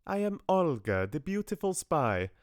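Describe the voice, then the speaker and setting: A man's voice: fairly high pitch, big pitch swings, a little slow, dry recording, clean studio sound, pitched above the performer's own voice. A man voicing a woman playfully putting on a theatrical, bad Russian accent as a spy. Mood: mock seductive. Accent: put-on bad Russian accent.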